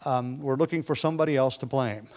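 A man's voice: mid-range voice, quick pace, a little mellow. Conversational male preacher. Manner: conversational, thinking aloud with restarts and acted-out quotes. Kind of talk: sermon.

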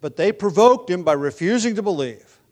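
A man giving an expository sermon, teaching in a measured, explanatory way with occasional restarts. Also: high-pitched, animated, a little mellow. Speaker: preacher.

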